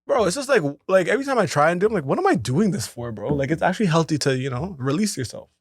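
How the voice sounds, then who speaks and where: A man's voice: a little high, big pitch swings, rapid-fire, breathy edge, dry recording. A man co-hosting a casual podcast chat, slangy and laid-back, laughing often. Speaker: podcast co-host.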